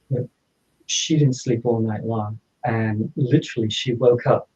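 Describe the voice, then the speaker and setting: Mellow man telling a story. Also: medium pitch, normal speed. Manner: animated, acts out dialogue. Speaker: podcast guest. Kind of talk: personal storytelling. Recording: slightly dull lo-fi audio.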